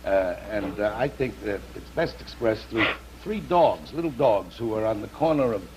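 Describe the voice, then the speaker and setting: A man's voice: lowish voice, animated, normal speed, noisy background. A man telling rambling jokes on a vintage TV talk show, with fillers between phrases. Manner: rambling with fillers, breaking into laughs. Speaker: comedian guest.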